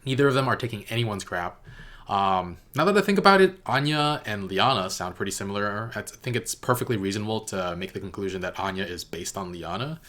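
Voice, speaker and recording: A man's voice: on the low side, lively intonation, fairly quick, a bit bright. A man giving a casual spoken review of a TV episode, rambling and hesitant with many fillers and self-corrections. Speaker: TV reaction reviewer.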